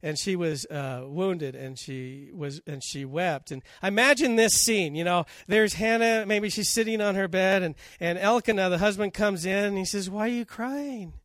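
A man's voice: high-pitched, normal speed, hardly any pauses, fairly bright tone, dry recording, studio quality. A man preaching a sermon, telling scripture stories and acting out the quotes. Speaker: pastor.

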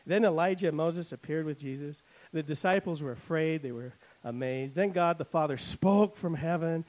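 A pastor preaching a sermon, swinging between loud emphasis and quiet asides, and paraphrasing scripture in a wry, conversational way. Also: male voice, fairly high pitch, expressive, a little fast, rough recording.

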